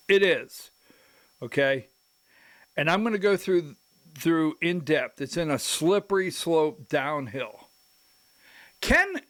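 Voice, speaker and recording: Slow-talking man hosting a politics show. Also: fairly high pitch, a bit bright. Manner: rambling, self-interrupting, emphatic asides. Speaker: host.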